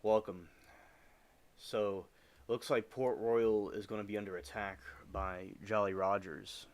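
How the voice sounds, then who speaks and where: A man chatting casually on a gaming livestream from home, rambling with halting restarts as he talks over his game. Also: fairly low pitch, steady tone. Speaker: live streamer.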